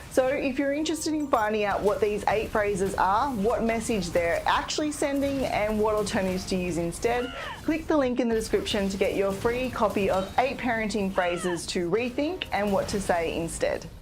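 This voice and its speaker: A woman giving parenting advice in calm, steady, scripted narration, like a patient teacher. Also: a little high. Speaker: parenting educator.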